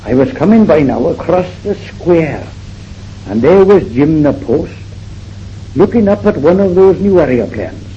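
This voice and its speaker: A man's voice: a little high, very animated, a little slow, warm tone. A man doing a flustered Welsh housewife. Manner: flustered, breathless, repeats herself. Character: fretful gossiping middle-aged Welsh housewife. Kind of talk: comic character monologue. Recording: dull old recording with faint hiss.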